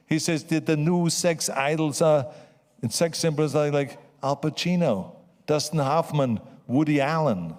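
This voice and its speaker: This speaker, a man in his seventies, has a foreign accent and a rather high, darkish voice at normal speed. He gives a forceful motivational acceptance speech, going back over his key lines. The recording carries a long hall reverb.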